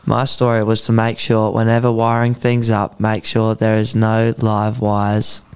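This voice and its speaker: A man's voice: lowish voice, monotone, measured pace, darkish tone, clear, resonant tone. A teenage man co-hosting a student podcast, reading prepared links evenly.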